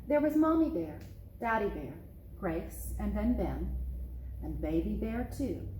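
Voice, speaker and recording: A woman's voice: medium pitch, a little slow, a little hiss or hum. A woman, a children's librarian, reading a picture book aloud expressively, recorded in an echoey room. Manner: expressive, storytelling.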